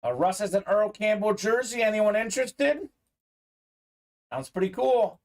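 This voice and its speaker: Chatty upbeat livestream break host. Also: male voice, high-pitched, expressive, unhurried, darkish tone. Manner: upbeat, chatty, many "uh" fillers, reads viewer comments aloud. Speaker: sports memorabilia break host. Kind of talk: live-stream card break commentary.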